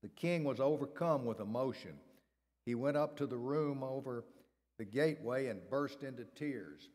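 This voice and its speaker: A man reads scripture aloud in a church sanctuary at a measured, steady pace. His voice sits at a middle pitch. Long reverb from the large room trails after each phrase. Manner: measured, steady reading cadence. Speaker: scripture reader. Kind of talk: reading scripture aloud in worship.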